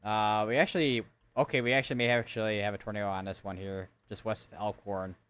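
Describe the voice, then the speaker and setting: A man's voice: on the low side, steady tone, fast talker, a bit bright, clear, resonant tone. A man giving live severe weather coverage, reading out storm reports and town lists and correcting himself as he goes. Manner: thinks aloud, reads town lists, corrects himself often.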